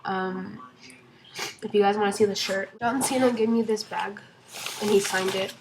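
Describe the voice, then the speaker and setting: A young woman telling a storytime vlog from home in a casual, excited way, rambling with lots of fillers and restarts. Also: mid-range voice, normal speed, noisy background. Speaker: vlogger.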